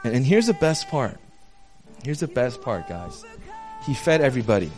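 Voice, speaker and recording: A young man giving a casual, conversational sermon as a youth pastor, animated and full of slang. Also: mid-range voice, moderate pace, faint music behind.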